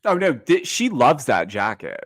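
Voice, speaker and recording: A man's voice: medium pitch, huge pitch swings, unhurried. A man hosting a podcast recap in casual, campy, sarcastic chat. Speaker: podcast host.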